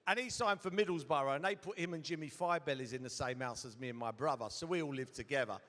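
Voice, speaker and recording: A man's voice: mid-range voice, fast, a bit bright. A middle-aged man on a hotel ballroom stage telling a rambling comic story with swearing and asides. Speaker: guest storyteller. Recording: hall reverb at a live event.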